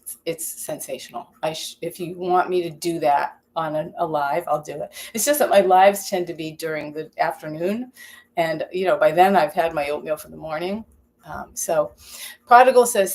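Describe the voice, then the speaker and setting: A woman hosting a live stream from her home kitchen, with a slightly low voice. She chats loosely and rambles, stopping to read viewer comments aloud. The talk is casual and unscripted. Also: moderate pace, darkish tone. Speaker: cooking channel host.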